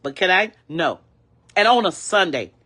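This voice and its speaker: An older woman vlogger, her lowish voice sing-song, pushed, and bright at a moderate pace, angrily rants and complains. She repeats herself with indignant, preachy emphasis.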